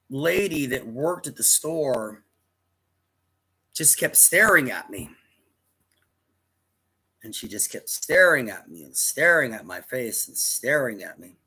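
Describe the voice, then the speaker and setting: A man's voice: medium pitch, animated, slow pace, long pauses, sharp tone, slightly rough. A man in his fifties casually telling a personal story to camera, rambling and often restarting his sentences. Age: 50s. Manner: rambling, with frequent restarts and self-corrections.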